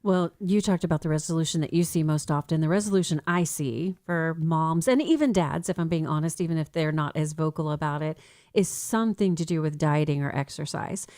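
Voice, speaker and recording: A middle-aged American woman hosting a faith-based radio talk show, speaking in a casual, animated way. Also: low voice, a little fast, no echo, clean studio sound. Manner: animated, mimics ads in a sing-song voice.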